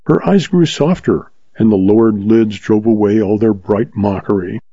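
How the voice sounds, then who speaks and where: A man narrating a story in a steady audiobook reading. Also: fairly low pitch, moderate pace, breathy edge, dry recording. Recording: slightly dull, dry recording.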